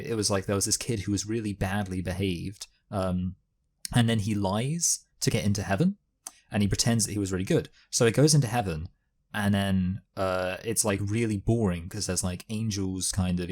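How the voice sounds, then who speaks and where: Speaking at normal speed, a man with a very low, deep voice chats loosely over a film like a co-host riffing on a review show. He rambles and circles back, his sentences full of fillers and restarts.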